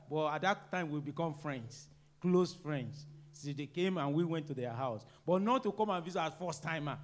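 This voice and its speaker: High-voiced preaching man with big swings. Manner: preaching with sudden loud emphatic rises and quiet low asides. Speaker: pastor. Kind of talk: sermon.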